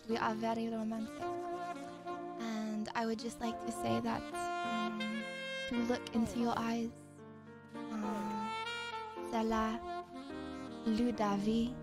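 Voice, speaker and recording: A woman hamming up a fake-French romantic girl. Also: a little high. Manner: hesitant, halting, fumbling for words.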